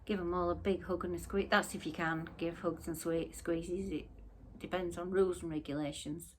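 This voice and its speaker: A woman's voice: fairly low pitch, fairly even intonation, moderate pace, slight background noise. A middle-aged woman, chatting casually in her craft vlog, tired and yawning, rambling and apologetic. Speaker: crafting vlogger.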